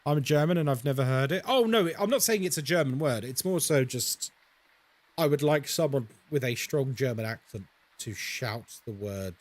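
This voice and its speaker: A man's voice: mid-range voice, animated, normal speed. A young man streaming a horror game, chatting casually and playfully with his viewers as he plays. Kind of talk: casual live-stream chat while gaming.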